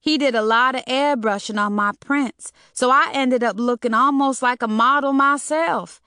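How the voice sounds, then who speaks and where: A woman voicing a scared young woman just out of school, with a squeaky, trembling, hesitant and slangy way of talking. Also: normal speed, bright, forceful tone, clear, resonant tone, no room sound, clean studio sound. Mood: chatty.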